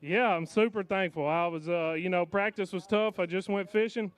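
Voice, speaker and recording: A man with a high, smooth voice answers questions on stage after a weigh-in. He speaks gratefully, in halting bits with plenty of "uh" and "you know.". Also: fairly even intonation. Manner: grateful, halting, many fillers. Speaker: pro angler. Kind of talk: post-weigh-in interview.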